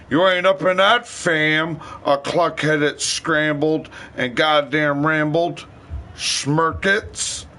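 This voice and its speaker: A man's voice: fairly high pitch, pushed and bright. A man livestreaming a rambling, profane rant in heavy slang.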